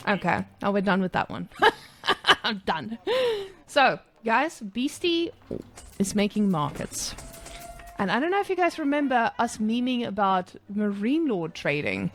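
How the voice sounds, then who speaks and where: A woman's voice: mid-range voice, lively intonation, measured pace, a bit bright. A young woman casting a strategy game in a casual, playful way, chatting to her viewers between plays. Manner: playful, giggly, chatty asides to chat. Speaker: esports caster.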